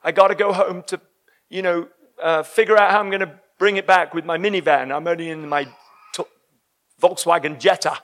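A woman's voice: fairly low pitch, steady tone, brisk, voice pushed down, natural voice. A man quoting a chatty woman shopper.

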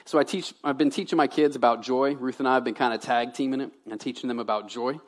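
A man in his thirties, a pastor from Louisiana, preaching a sermon in a conversational way, shifting between loud emphasis and quiet asides. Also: mid-range voice, steady tone, fast.

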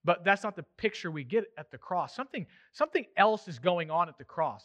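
A man preaching a sermon in church as pastor, moving between emphatic, raised passages and quiet, intimate ones. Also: high-pitched, expressive, brisk, hardly any pauses. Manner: swings from loud emphatic preaching to hushed, intimate delivery.

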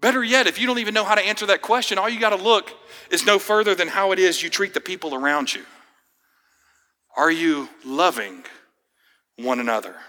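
A man's voice: sits high, fairly quick, long pauses, sharp tone. A man preaching a sermon as pastor, earnest and emphatic, asking the congregation pointed questions. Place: church sanctuary. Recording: hall reverb.

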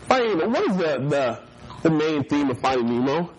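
A man's voice: on the high side, sing-song, brisk, poor audio. A man preaching a casual, joking sermon to a youth group, often mimicking people and laughing along with his listeners. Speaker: youth pastor.

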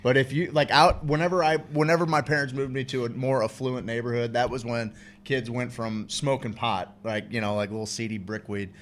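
A man's voice: mid-range voice, steady tone, brisk, a bit bright, a little hiss or hum. A man hosting a podcast in loose, profane casual chat, often laughing along. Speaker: podcast host.

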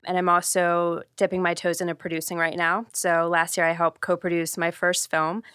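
A woman lawyer from Ohio, a podcast guest, answering questions in a measured, composed way. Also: on the low side, level tone, fairly bright tone, smooth, dry recording, studio quality. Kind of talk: interview answers.

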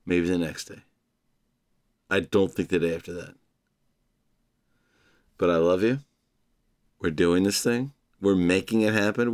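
A man hosting his own podcast, rambling playfully and talking straight to his listeners as "humans". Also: deep voice. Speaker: podcast host. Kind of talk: casual solo podcast monologue.

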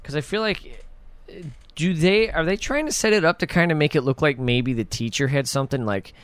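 A man's voice: on the high side, fairly quick, clean tone, dry recording. A man co-hosting a casual chat, laid-back, giving short replies and teasing questions. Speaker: podcast co-host.

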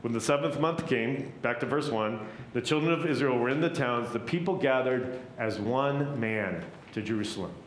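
A middle-aged male pastor gives a conversational sermon, often pausing to ask his listeners "right?". His mid-range voice carries through a reverberant church. A low, faint rumble sits beneath it. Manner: conversational, keeps asking "right?".

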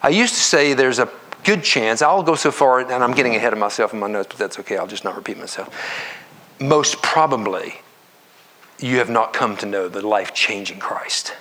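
Bright-voiced man preaching earnestly. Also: medium pitch, moderate pace. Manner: earnest, conversational preaching with repetitions and asides to the congregation. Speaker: pastor. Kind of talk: sermon. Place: church sanctuary.

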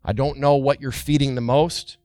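Pastor guy preaching, middle-aged, smooth clear voice, mid pitch, lots of questions and jokes, goes quiet then loud. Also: fairly even intonation, normal speed, no echo. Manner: preaching with dynamic swings between quiet asides and loud emphatic bursts; uses rhetorical questions and humor. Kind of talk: sermon.

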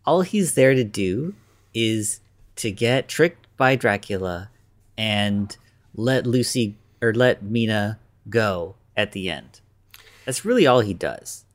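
A low-voiced man co-hosts a casual film chat. He makes his points in a measured, easygoing way. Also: animated.

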